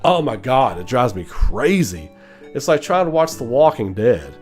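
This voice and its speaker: A man's voice: mid-range voice, very animated, a little slow, darkish tone, soft background music. A man hosting his channel, ranting casually and animatedly, swearing and mimicking mumbled voices. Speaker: channel host. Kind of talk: casual opinion rant.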